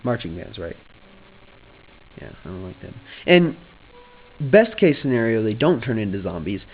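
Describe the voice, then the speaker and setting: A man's voice: on the low side, very animated, moderate pace, breathy edge, phone-quality sound. A young man vlogging casually, joking offhand, trailing off and restarting his thoughts. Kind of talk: rambling casual vlog.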